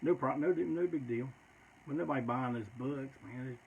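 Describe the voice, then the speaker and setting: A man's voice: medium pitch, normal speed, gravelly, a little mellow, muffled recording, slight background noise. A man telling stories in a loose, rambling, profane way, often tacking "man" onto his sentences. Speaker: storyteller. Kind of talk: casual storytelling.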